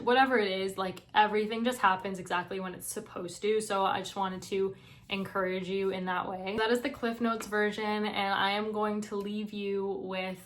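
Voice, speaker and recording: A woman's voice: mid-range voice, fairly bright tone. A young woman vlogger talking to camera in an earnest, emotional and encouraging way. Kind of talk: casual heartfelt talk to camera.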